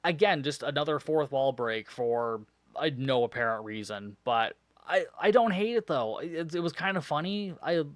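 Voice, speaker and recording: A man's voice: a little high, lively intonation, normal speed, no echo. A man hosting a podcast, casually recapping a film's plot with sarcasm, frequent swearing and rambling asides. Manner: sarcastic, rambling, swears often, laughs at the film. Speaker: podcast host reviewing a film.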